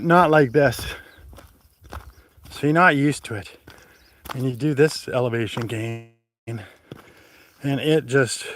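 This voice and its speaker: A man livestreams from a mountain trail outdoors, talking into a phone held at arm's length. His voice sits a little high, and he rambles in a chatty way with restarts and laughs. He breathes hard from the climb. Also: a bit bright, a little hiss or hum. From Canada. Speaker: hiking vlogger and livestream host. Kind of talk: casual livestream chat while hiking.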